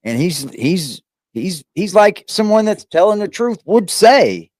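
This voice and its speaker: A man's voice: high voice, sing-song, a little slow, darkish tone, dry recording, studio quality. A man hosting a casual interview and reaction stream, laid-back, talking to his viewers and often restarting his sentences. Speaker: show host.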